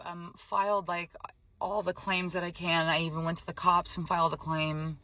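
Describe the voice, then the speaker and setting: A woman's voice: on the low side, flat delivery, moderate pace, bright, forceful tone. A young adult woman, emotionally drained, telling to camera how she was scammed, in a frazzled, upset way. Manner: frazzled, emotional, retelling a phone scam with quoted dialogue. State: emotionally drained, near tears. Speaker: vlogger. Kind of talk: casual storytelling to camera.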